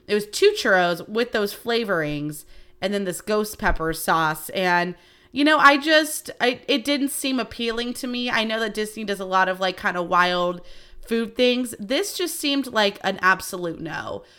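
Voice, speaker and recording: A woman around thirty hosting a podcast, telling stories in a casual, animated way and swearing freely. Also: medium pitch, a little slow, clean tone. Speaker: podcast host. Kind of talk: casual storytelling chat.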